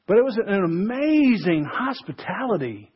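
Husky-voiced man preaching a sermon. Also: high-pitched, sing-song, normal speed, muffled recording. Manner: conversational, acts out quoted voices. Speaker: pastor.

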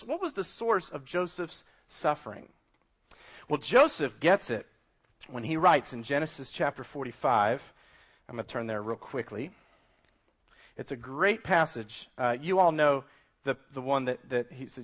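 Lively, animated male preacher. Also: mid-range voice, moderate pace. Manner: animated, emphatic preaching with rhetorical questions. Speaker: pastor. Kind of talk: sermon.

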